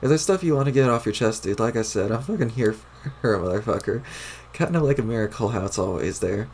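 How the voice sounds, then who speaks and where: A man voicing a mellow, foul-mouthed young male troll clown while reading a webcomic aloud, with a drawling, laid-back delivery. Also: mid-range voice, lively intonation, fast, slight background noise, close to an everyday voice.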